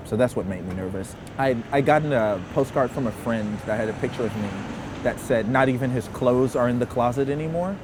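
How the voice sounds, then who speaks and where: A young man from Memphis telling a personal story in a lively way, laughing often and acting out quotes. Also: medium pitch, brisk. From Memphis, Tennessee. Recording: outdoor recording with street noise.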